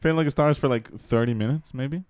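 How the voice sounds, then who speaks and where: A man's voice: medium pitch, fast, darkish tone, smooth, no echo. A young man co-hosting a casual chat podcast, rambling with lots of fillers, apologizing and laughing often. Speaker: podcast co-host.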